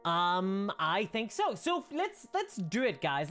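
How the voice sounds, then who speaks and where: A woman's voice: mid-range voice, huge pitch swings, moderate pace, hardly any pauses, fairly bright tone. A woman hosting a casual livestream, rambling and laughing often as she reads viewer comments. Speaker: livestream host.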